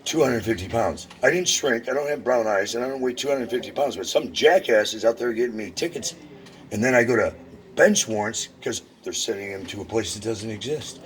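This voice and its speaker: A man's voice: on the low side, a little hiss or hum. A man at a government office counter and on the phone, ranting and swearing in a heated confrontation. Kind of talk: angry confrontation and phone call. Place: social security office in a federal building.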